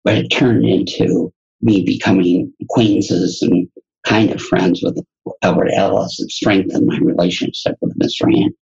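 A man's voice: low voice, moderate pace, creaky, husky, lo-fi sound. A man, a guest educator and entrepreneur, telling a personal story in conversation and acting out the dialogue with animation. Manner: animated storyteller who acts out quoted dialogue.

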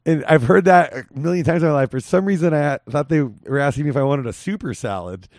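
A man's voice: fairly high pitch, fast talker, a little mellow, no echo, studio quality. A man in his forties hosting a podcast, chatting casually, laughing often and trailing off mid-sentence. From California. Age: 40s. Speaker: podcast host.

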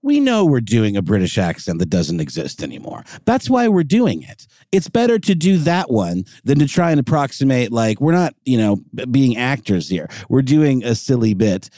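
A man co-hosting a podcast, chatting casually with frequent fillers and pauses. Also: mid-range voice, no room sound, studio quality. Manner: relaxed, hesitant with fillers. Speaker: podcast co-host. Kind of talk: casual chat.

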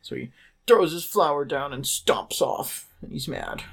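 A man chatting casually on a podcast, retelling a stage musical's story with animated asides and quick impressions of the characters. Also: on the high side, creaky, husky. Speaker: podcast host. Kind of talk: casual chat recapping a musical.

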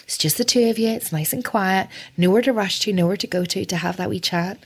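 Husky middle-aged woman chatting about her kids, laughs easy. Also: medium pitch, brisk. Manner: warm, laughs easily, shares her own stories. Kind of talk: casual chat.

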